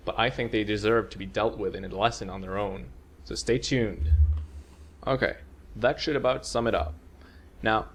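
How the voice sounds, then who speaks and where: A man calmly explaining a language lesson, played from a video. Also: on the low side, creaky. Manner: calm, explanatory. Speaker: language teacher.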